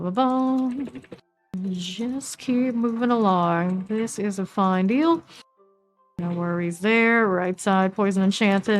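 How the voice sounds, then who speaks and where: A streamer with a Southern US accent chats in a relaxed way while playing a game, reading out item names. Her voice is medium in pitch.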